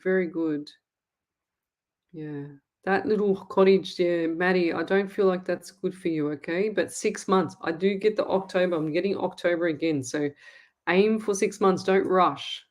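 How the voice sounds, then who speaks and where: A woman's voice: fairly low pitch, fairly even intonation, moderate pace, darkish tone. An Australian woman hosting a live-stream, reading out viewer comments and answering them in a blunt, emphatic way. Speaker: psychic medium host.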